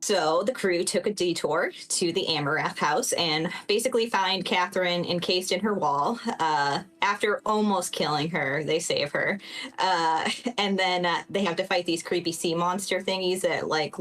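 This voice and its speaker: A woman's voice: fairly low pitch, measured pace, fairly bright tone, faint music behind, low-quality recording. A woman giving a chatty, laughing recap of a tabletop game session, with many fillers.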